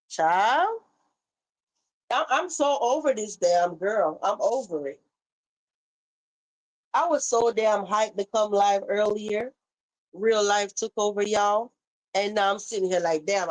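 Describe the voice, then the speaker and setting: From home, a woman with a Caribbean accent hosts a heated live stream, reading chat comments out loud and sassily scolding someone. Her voice sits in the mid range, and the recording quality is poor.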